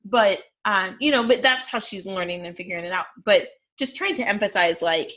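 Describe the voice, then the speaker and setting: Woman, 30s, podcast co-host; casual, animated storyteller, bright tone. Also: medium pitch, brisk. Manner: chatty, animated storytelling with many fillers. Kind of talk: casual chat.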